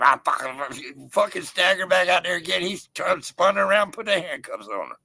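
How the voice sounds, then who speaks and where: Man, gravelly voice, forceful and bright, profane rowdy storyteller. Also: high-pitched, expressive, moderate pace, no room sound. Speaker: guest storyteller. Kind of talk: casual chat.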